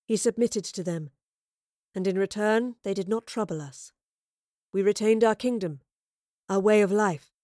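A woman's voice: mid-range voice, a little slow, pauses often, warm tone, dry recording, clean studio sound, natural voice. A woman reading aloud and voicing a proud, fierce warrior queen who speaks in a stern, declaiming way. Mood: solemn.

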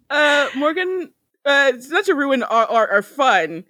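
Woman co-host, very high and sing-song, giggly and excited, dry close mic. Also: slow, dry recording. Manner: giggly, excited, restarts often. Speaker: podcast co-host. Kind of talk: casual TV recap chat.

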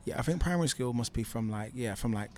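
A man's voice: medium pitch, quick pace. A young man with a Manchester accent, a guest chatting casually in an interview with many fillers. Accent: Manchester English. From England. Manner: relaxed, lots of fillers and laughs. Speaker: guest entrepreneur.

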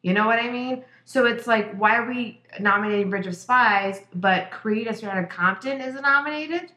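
A woman's voice: on the high side, moderate pace, sharp tone. Blunt, profane woman in an echoey room. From Mexico. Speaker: podcast co-host. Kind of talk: casual chat.

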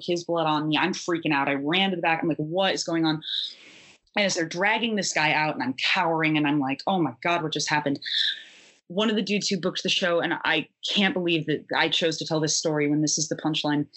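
A woman's voice: deep voice, a bit bright. A woman and punk musician telling a long, wry, profane anecdote in casual conversation. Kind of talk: conversational storytelling.

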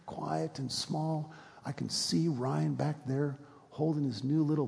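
A man, a pastor, preaching a sermon and telling a story, going soft and hushed at solemn moments and rising to urgent questions. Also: a little high, fairly even intonation, a little slow, creaky, big-room sound. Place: church sanctuary.

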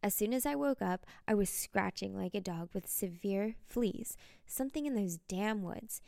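A woman narrating a dark first-person story in a cold, menacing, profane way. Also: mid-range voice, creaky, clear, resonant tone, no echo, studio quality.

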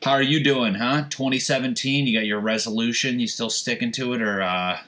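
A young man hosting his own podcast alone at home, rambling loudly with lots of swearing and jokes. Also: medium pitch, steady tone, brisk. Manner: loud, profane, rambling and joking. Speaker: podcast host. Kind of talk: casual solo podcast rant. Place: home, seated on a squeaky chair.

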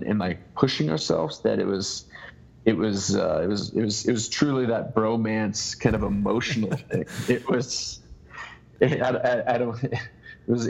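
A man being interviewed as an ultrarunner guest, telling a long story in halting bursts that keep restarting. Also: medium pitch, creaky, a little mellow, slightly rough, poor audio. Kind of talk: casual podcast interview.

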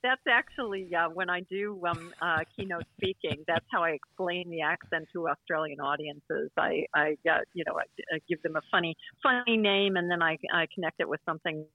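A woman's voice: lowish voice, normal speed, dry recording. A woman from Wisconsin with an American Midwestern accent, a guest speaking in a casual podcast interview with a chatty, self-deprecating manner and frequent restarts. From Wisconsin, USA. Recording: tinny phone-like line.

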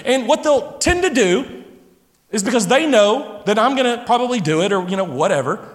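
A middle-aged man preaching a sermon to a congregation, animated, now and then acting out the voices of his listeners and his children. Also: high-pitched, moderate pace. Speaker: pastor. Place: church sanctuary. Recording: long reverb of a large hall.

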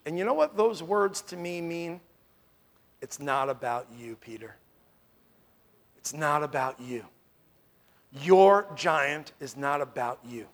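A man from New York preaching a sermon as pastor, emphatic, swinging from loud declarations to hushed tones and asking the room "Amen?" often. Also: fairly high pitch, expressive, measured pace, pauses often.

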